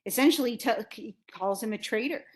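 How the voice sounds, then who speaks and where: A woman's voice: on the high side, brisk. A woman lecturing on a classic play, casually retelling scenes and acting out the characters' lines in everyday words. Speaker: literature instructor.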